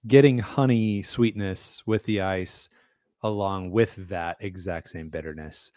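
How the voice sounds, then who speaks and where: A man co-hosting a whiskey tasting podcast, easygoing and hesitant, with plenty of ums and quick laughs. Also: sits low, a little mellow, no room sound, clean studio sound. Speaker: podcast co-host. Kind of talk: casual whiskey tasting chat.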